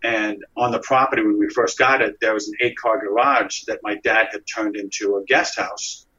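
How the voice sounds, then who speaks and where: A man being interviewed, telling a story in a lively way and acting out the dialogue as he goes. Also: lowish voice, normal speed, lo-fi sound. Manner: animated storyteller, acts out dialogue.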